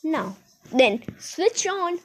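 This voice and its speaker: A woman voicing an eccentric, excitable male chocolate maker in a storybook reading, exclaiming like a showman. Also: sits high, pitched above the performer's own voice, exaggerated voice. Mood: excited. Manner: exclaiming, fast-shifting, showman-like.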